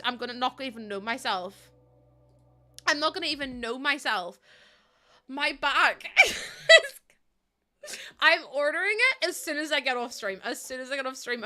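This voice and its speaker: A young woman livestreaming in casual chat, excitable and gushing, often breaking into laughter. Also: high-pitched. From Northern Ireland.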